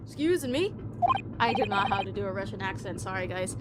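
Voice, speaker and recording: A woman's voice: medium pitch, little pitch movement, quick pace, very noisy. A young woman streamer chatting casually during voice acting practice, swearing at her own mistakes. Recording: loud background music.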